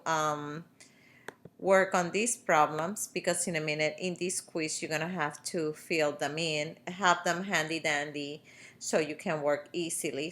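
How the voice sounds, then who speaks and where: A woman's voice: lowish voice, sharp tone. A woman teaching a grammar lesson over a screen recording, explaining step by step with patient fillers. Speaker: Spanish teacher.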